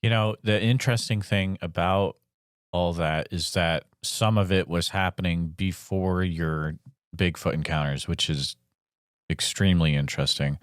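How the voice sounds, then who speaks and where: A man hosting a podcast, making calm, interested remarks in casual chat. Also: deep voice, a little slow, no room sound, clean studio sound. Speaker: podcast host.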